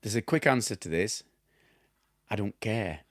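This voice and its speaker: Deep-voiced man with broad Yorkshire accent. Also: expressive, moderate pace, dry recording, clean studio sound. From Yorkshire, England. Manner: rambling, chatty, laughs at himself, loses his train of thought. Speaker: damp specialist and former plasterer answering viewer questions. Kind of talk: casual chat.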